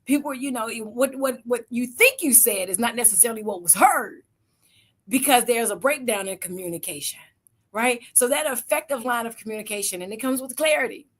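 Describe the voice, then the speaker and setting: Middle-aged woman speaker, kinda high voice, tells stories and does the voices. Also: brisk, breathy edge. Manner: storytelling, acting out quoted voices. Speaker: event speaker. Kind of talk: motivational talk.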